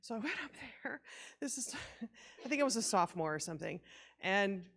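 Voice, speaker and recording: A woman's voice: mid-range voice, expressive, a little fast, creaky, a bit bright. A woman giving a rambling, self-deprecating eulogy at a church memorial, laughing often as she shares memories of her aunt. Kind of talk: informal memorial tribute.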